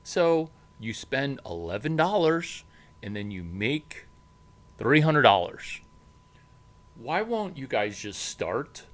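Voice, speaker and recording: Emphatic man with slow punchy delivery. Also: medium pitch, sing-song, fairly bright tone. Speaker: startup advisor. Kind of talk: animated monologue to camera.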